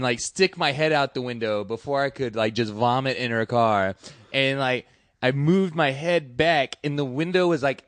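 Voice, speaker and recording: A man's voice: mid-range voice, dry recording. A man telling a rambling, profane story as a comedian guest in a casual podcast chat.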